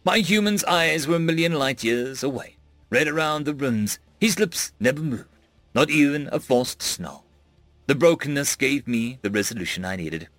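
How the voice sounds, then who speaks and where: A man narrating a sci-fi audiobook with expressive storytelling. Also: medium pitch, moderate pace, no echo, soft background music.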